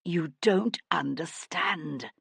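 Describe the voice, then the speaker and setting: A woman's voice: very animated, measured pace, fairly bright tone, no room sound, clean studio sound, exaggerated voice. A woman voicing an intense young nobleman. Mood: urgent. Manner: low, urgent, swearing in anger. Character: intense young male aristocrat detective, earnest.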